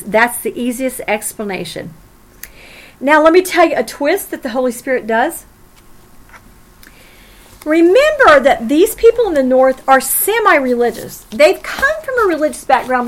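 Woman, Bible study teacher, high-pitched, emphatic, rhetorical questions, dramatic pauses.

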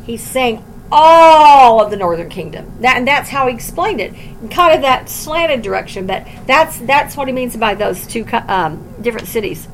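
A woman teaching a Bible study, reading scripture aloud and explaining it plainly, swinging from loud emphasis to quiet low asides. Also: expressive, moderate pace, slight background noise, rough recording.

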